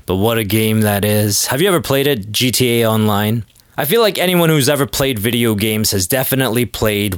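A man's voice: medium pitch, dry recording, studio quality. A young man hosting his own podcast, rambling casually and making self-deprecating jokes. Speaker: podcast host. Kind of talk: casual solo monologue.

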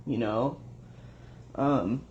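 A woman's voice: extremely low pitch, very slow, darkish tone, slight background noise. Young woman, casual vlog rant, swears a lot, muffled home recording. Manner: frustrated, swears often, rambling. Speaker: vlogger. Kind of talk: casual venting monologue.

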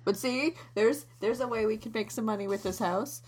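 An actress playing a scatterbrained schemer who rambles and hesitates, in a comedy audio drama. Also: female voice, fairly high pitch, normal speed, darkish tone, slight background noise, lightly acted. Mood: rambling. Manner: rambling, hesitant, full of ums. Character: scatterbrained adult woman schemer.

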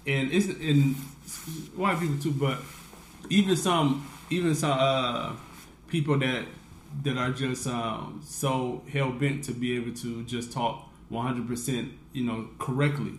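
A man's voice: mid-range voice, fairly even intonation, unhurried. Easygoing storyteller man, roomy echo, faint noise behind. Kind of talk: casual podcast chat. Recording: echoey room with faint background noise.

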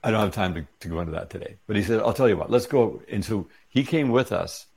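A middle-aged man in his 40s or 50s, an interview guest, tells a personal story in casual chat, animatedly acting out quoted dialogue as he goes. His voice is fairly low, gravelly and slightly rough, and he talks fast.

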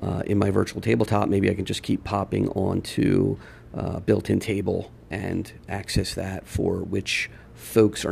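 A man hosting a gaming podcast in a relaxed, rambling solo talk with many fillers. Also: sits low, vocal fry, slight background noise. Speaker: podcast host. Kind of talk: casual podcast monologue.

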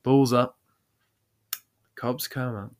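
A man's voice: mid-range voice, steady tone, extremely slow. A man with an Australian accent hosting a podcast, telling a story in a casual way, laughing often and swearing freely. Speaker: podcast host.

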